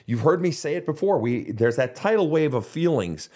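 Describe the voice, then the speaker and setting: A man's voice: a little high, lively intonation, normal speed, a little mellow. A middle-aged man hosting a counseling podcast who talks bluntly and swears often, acting out the voices of the people he quotes. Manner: blunt, swears freely, acts out quoted outbursts. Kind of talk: casual advice monologue.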